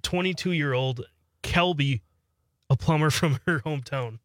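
A man's voice: fairly high pitch, normal speed, a bit bright, no room sound. Laid-back man co-hosting radio chat. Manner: laid-back, brief replies, dry humor. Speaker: radio co-host. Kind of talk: casual on-air chat.

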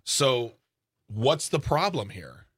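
A man's voice: mid-range voice, very animated, slow pace, fairly bright tone, husky, no room sound, studio quality. A man co-hosting a podcast who reacts to the news with blunt, indignant comments. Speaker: podcast co-host.

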